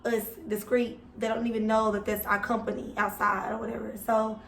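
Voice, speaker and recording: A woman's voice: a little high, flat delivery, fairly quick, vocal fry, fairly bright tone, slight background noise. A young woman vlogger telling a story casually and with swearing, talking straight to her viewers. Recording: echoey room, mic at a distance.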